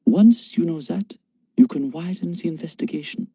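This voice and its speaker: A man's voice: fairly high pitch, mellow, slightly rough, dry recording, pitched above the performer's own voice. Man doing a detached German mentor. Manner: detached, measured, probing. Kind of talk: audiobook character voice. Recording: dull lo-fi dry recording.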